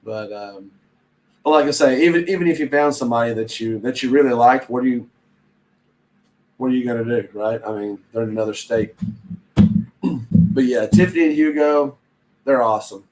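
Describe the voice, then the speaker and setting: A man's voice: medium pitch, moderate pace, long pauses, a little mellow, slight background noise, rough recording. A man hosting a reselling channel, chatting casually and rambling while he reads viewer comments aloud. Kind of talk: casual live-stream chat.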